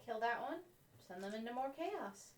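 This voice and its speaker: A woman's voice: on the high side, lively intonation, moderate pace, distant mic, a little hiss or hum. A woman player in a tabletop game, talking in a thoughtful, strategic way. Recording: echoey room.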